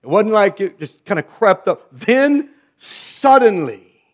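A man delivers a sermon in a high-pitched voice, mixing scripture with wry, sarcastic asides. He swings between loud emphasis and hushed, chuckling remarks. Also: normal speed. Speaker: pastor.

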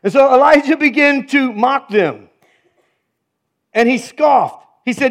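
A man preaching a sermon with wry, sarcastic humor and big swings between loud and hushed delivery. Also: extremely high pitch, measured pace, pauses often. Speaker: pastor.

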